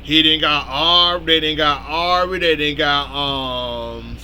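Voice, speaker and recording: A man's voice: a little high, takes it slowly, pushed and bright, a little hiss or hum. A man in casual spoken commentary, recapping a soap opera and scolding its characters bluntly.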